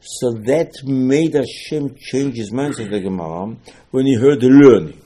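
Unhurried and slightly rough, this man's mid-range voice has a dark tone. He's a rabbi giving a forceful, repetitive Torah lecture in broken English, asking his own questions and then answering them.

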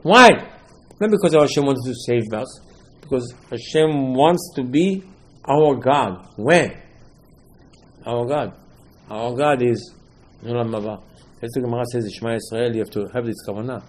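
A man's voice: medium pitch, unhurried, long pauses. A man teaching Torah in a sermon, emphatic, repeating phrases and speaking English in non-native phrasing. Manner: emphatic, repeats phrases, quotes texts in dialogue.

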